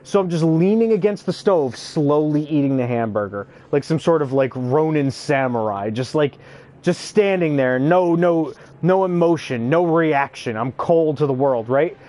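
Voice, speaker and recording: Animated, profane young man telling stories. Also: on the high side, normal speed. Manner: animated, profane, acts out quotes. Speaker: youth care worker. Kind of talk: casual storytelling while gaming.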